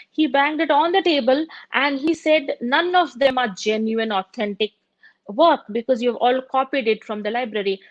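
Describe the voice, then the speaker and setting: A woman's voice: fairly high pitch, dry recording, rough recording. A middle-aged woman teaching meditation in a spiritual talk, telling stories and acting out the dialogue in them. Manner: storytelling, acts out quoted dialogue.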